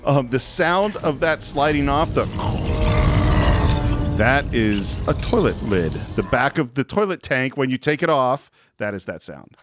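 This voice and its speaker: Lively man hosting a movie podcast. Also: mid-range voice, measured pace, over music. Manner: animated, laughs, acts out scenes. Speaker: podcast host. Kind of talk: casual film discussion.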